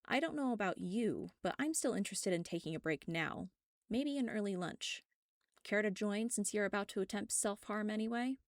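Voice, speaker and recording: A woman voicing a caring, sharp-tongued young woman, a bit raised and teasing, in a storybook reading. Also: medium pitch, normal speed, no echo, clean studio sound, voice pushed up, lightly acted.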